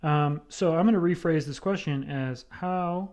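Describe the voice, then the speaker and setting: Mellow-voiced man giving a math lecture. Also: fairly high pitch, moderate pace, few pauses, highs cut off. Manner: explanatory, repeats with "right?" and fillers.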